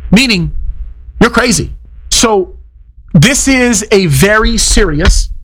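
Middle-aged male pastor preaching a sermon; lively, emphatic delivery in a higher register. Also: rough recording. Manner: emphatic preaching, pitch swings up when quoting.

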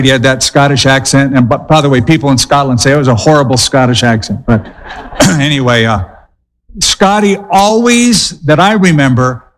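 A male pastor preaching a sermon, telling stories with dramatic pauses and quick bursts. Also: mid-range voice, a bit bright, long reverb tail, rough recording.

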